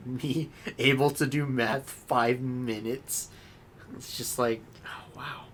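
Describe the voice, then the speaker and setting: A man's voice: medium pitch, steady tone, slow pace, a bit bright, slight background noise. A young man co-hosting a casual podcast chat, joking and swearing a lot. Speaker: podcast co-host.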